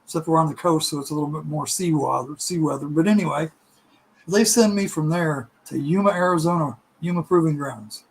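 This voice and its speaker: A middle-aged man telling a casual, animated story, laughing and acting out other people's voices. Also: a little high, brisk, a little hiss or hum, poor audio. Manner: animated, laughing, acts out voices in his stories.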